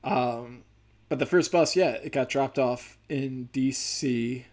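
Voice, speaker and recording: A man's voice: mid-range voice, takes it slowly, darkish tone. Rambling profane male comic. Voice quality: speech impediment. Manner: rambling, profane, many fillers. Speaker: stand-up comedian and podcast host. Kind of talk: casual podcast monologue.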